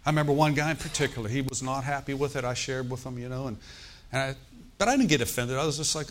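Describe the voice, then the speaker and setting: A man's voice: mid-range voice, quick pace, a little hiss or hum. Man preaching a sermon. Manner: storytelling preacher, rising to emphatic exhortation. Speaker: pastor.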